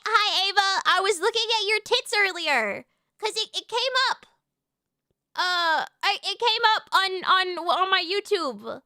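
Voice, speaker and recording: A woman streaming as a VTuber in casual chat, loud, swearing often and tripping over her words. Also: very high voice, animated, unhurried, dry recording, clean studio sound. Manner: loud, swears a lot, stumbling restarts. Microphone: streaming mic.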